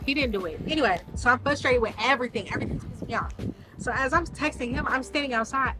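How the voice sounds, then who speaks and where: A woman vlogger telling a story in a casual, animated way, full of slang and swearing. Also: sits high, quick pace, over music, poor audio.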